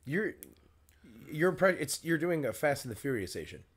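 A man's voice: fairly high pitch, normal speed, husky. A man co-hosting a podcast, firing off crude wisecracks in casual banter. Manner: wisecracking, animated. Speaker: podcast co-host.

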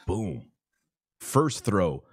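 A man's voice: fairly low pitch, very animated, very slow, slightly rough, no echo, clean studio sound. A man streaming his reactions to a clip, mocking and profane, laughing often. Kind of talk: casual reaction commentary.

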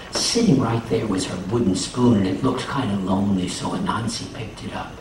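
A man telling a folktale to children, expressive and asking his listeners questions along the way. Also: lowish voice, normal speed, noisy background. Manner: expressive, asks the audience questions. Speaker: storyteller for children. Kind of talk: animated live storytelling. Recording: roomy live sound from a distance.

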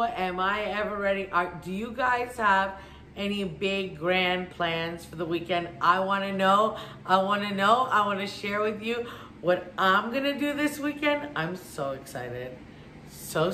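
Talkative and gushing, a woman home decor vlogger rambles and repeats herself through a casual vlog and voice-over. Her medium-pitched voice is pushed and bright, recorded in an echoey room with faint music and a bit of background noise.

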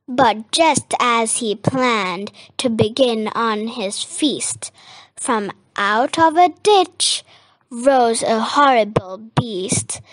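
A woman reading a rhyming children's picture book aloud in a measured, sing-song way. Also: fairly high pitch, no echo. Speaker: storybook reader.

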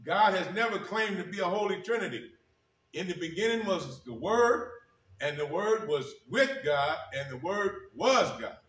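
A male pastor delivers a sermon in a bright, forceful voice, pressing on key words and repeating them for weight. He slows down whenever he reads scripture aloud. The sound is roomy and echoey, picked up from some distance off the mic. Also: high voice, animated.

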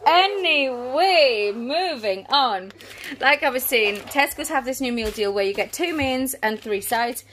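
This family vlogger, a woman in her thirties, has a voice on the high side and a fairly bright tone, speaking at a moderate pace with hardly any pauses. At home indoors, she rambles chattily through a grocery haul, often trailing off mid-sentence, and there's a little hiss or hum in the recording.

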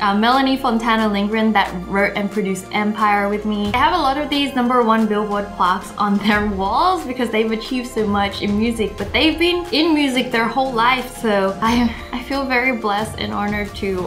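Excitable woman vlogging in an echoey room. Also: fairly high pitch. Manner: excitable, gushing, squeals with surprise. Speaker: YouTuber and singer. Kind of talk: casual vlog talk to camera. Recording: echoey room with background music.

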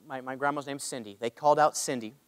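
A preacher's medium-pitched, steady voice moves fast as he earnestly recounts a personal story and urges the crowd for amens. The sermon takes place in a church hall, with a large hall's long reverb on the recording.

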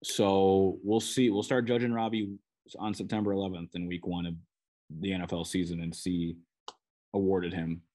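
A man's voice: sits low, little pitch movement, moderate pace, dark tone. A man with a Minnesotan accent, a sports beat writer, talking through football analysis on his podcast in a loose, conversational way with frequent restarts.

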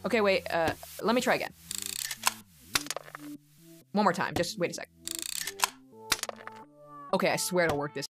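A woman's voice: on the low side, expressive, over music, lightly acted. A woman voicing a smug, self-centered female talking smartphone in a cartoon, sarcastic and self-pitying. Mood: snarky. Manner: sarcastic and self-pitying, quick mood swings. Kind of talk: cartoon voice acting.

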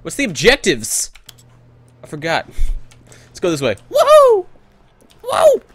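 A man giving excitable let's play commentary, whooping, joking and swearing as he plays. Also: a little high, unhurried, breathy edge. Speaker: gamer.

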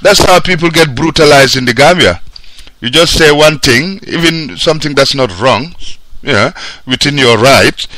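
A man's voice: on the high side, animated, moderate pace, bright, forceful tone. A man hosting a radio show, talking alone into a studio mic in a heated, repetitive rant. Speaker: radio presenter. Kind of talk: radio talk monologue.

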